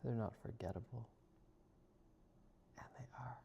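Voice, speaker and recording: A man speaking as a spiritual healer in a slow, soft, reflective monologue, often drifting into a whisper. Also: medium pitch, vocal fry, a little hiss or hum.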